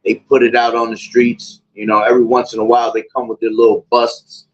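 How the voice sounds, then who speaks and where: A man's voice: mid-range voice, monotone, a little fast. A man talking in casual, rambling commentary, full of fillers and repeated asides. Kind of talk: casual chat, preaching-tinged commentary. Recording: dull lo-fi audio.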